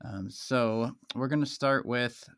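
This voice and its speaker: A man co-hosting a podcast, cracking quick jokes and leading into the show's rating segment. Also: mid-range voice, gravelly, a bit bright, dry recording, clean studio sound. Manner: joking, quick quips, leads the rating segment. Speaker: podcast co-host. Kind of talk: casual chat and show segue.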